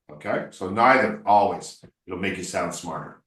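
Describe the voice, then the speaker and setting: Brief: lower-voiced male speaking coach, emphatic, heard from a distance. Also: moderate pace, few pauses, a bit bright. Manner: emphatic, corrective, playful. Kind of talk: one-on-one tutoring session. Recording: roomy echo, distant mic.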